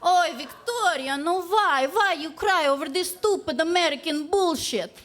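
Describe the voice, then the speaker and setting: A woman's voice: very high voice, lively intonation, moderate pace, fairly bright tone, pitched above the performer's own voice. A woman doing a blunt Russian-accented mom. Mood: blunt, dismissive. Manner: bluntly matter-of-fact, broken English. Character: blunt tactless middle-aged Russian mother. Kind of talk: comic live storytelling.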